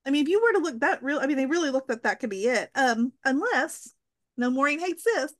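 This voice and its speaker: A woman's voice: high voice, animated, brisk. A woman co-hosting a casual fan podcast, tossing out theories in a tentative, hedging way. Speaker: podcast co-host.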